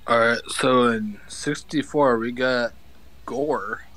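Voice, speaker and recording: A man's voice: mid-range voice, fairly bright tone, faint music behind, low-quality recording. A man in a casual chat, stumbling over hard names as he reads and making offhand jokes. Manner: slow, stumbles over names, laid-back. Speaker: podcast co-host.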